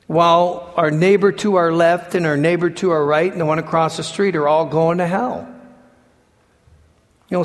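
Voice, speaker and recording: A man preaching a sermon, telling stories with lively acted-out quotes and sudden shouts. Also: fairly high pitch. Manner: animated storytelling, acts out quotes and shouts. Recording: long hall reverb.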